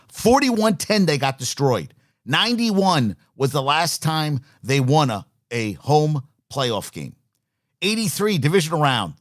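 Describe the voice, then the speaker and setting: A man's voice: fairly high pitch, a bit bright. A man in his forties hosting a sports talk show, ranting with exasperation and swearing freely as he rattles off stats. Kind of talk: opinionated sports radio rant.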